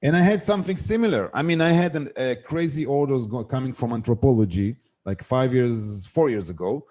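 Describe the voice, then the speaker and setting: A middle-aged man speaks in a warm, darker voice at an ordinary pitch. He is a guest on an interview show, telling a story about wholesale compliance and acting out every exchange in it, then moving into plain advice. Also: fairly quick. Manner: animated storyteller acting out quoted dialogue.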